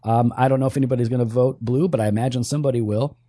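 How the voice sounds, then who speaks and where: A man co-hosting a church talk show, answering listener questions in a casual discussion, animated and thinking aloud with restarts. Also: mid-range voice, very fast, no room sound, clean studio sound.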